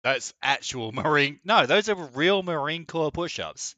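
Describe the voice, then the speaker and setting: A man's voice: fairly high pitch, big pitch swings, unhurried, pushed and bright, no echo. A man streaming live, giving casual reaction commentary in a crude, mocking, joking way.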